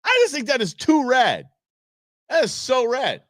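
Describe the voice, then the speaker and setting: A middle-aged man from Southern California, hosting a show and telling stories in a casual, animated, exclamatory way. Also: very high-pitched, a little slow, dry recording, studio quality. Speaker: show host. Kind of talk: casual storytelling chat.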